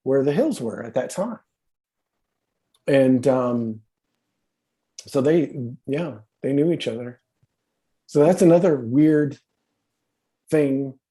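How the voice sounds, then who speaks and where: A man's voice: medium pitch, lively intonation, slow pace, pauses often, mellow. A man in his fifties, a podcast guest telling stories in a rambling, profane way, full of fillers and restarts. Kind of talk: casual conversational storytelling.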